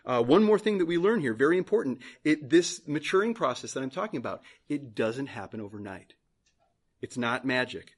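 A male pastor preaching a sermon in church, earnest, repeating phrases for emphasis. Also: fairly high pitch.

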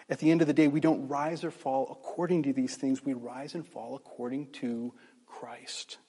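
Earnest preacher in a reverberant hall. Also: male voice, medium pitch, dark tone, husky. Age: middle-aged. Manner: earnest, emphatic, with frequent restarts and fillers. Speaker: pastor. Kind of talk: sermon closing in prayer.

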